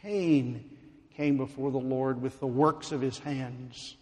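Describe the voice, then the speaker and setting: A man preaching a sermon, slow and emphatic, building to fervent pleading. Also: medium pitch, fairly even intonation, darkish tone. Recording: long hall reverb.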